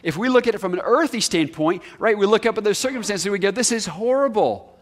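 A male preacher with a high voice delivers a sermon in a conversational way, often turning to ask the listeners questions. He leans hard on key words, then drops to a near hush to let a point land. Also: animated, quick pace. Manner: emphatic, swings from raised highs to hushed lows.

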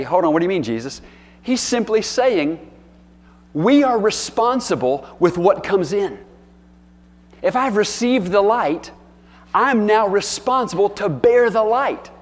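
Man, pastor, high voice, folksy sermon, acts out dialogue, long hall reverb. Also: lively intonation, measured pace. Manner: folksy storytelling with playful acted-out dialogue.

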